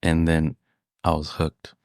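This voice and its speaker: Laid-back male co-host, very low-pitched, easygoing listener, dry close mic. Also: completely flat delivery, slow, a little mellow, no echo. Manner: laid-back, brief agreeing replies. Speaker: podcast co-host. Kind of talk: casual chat.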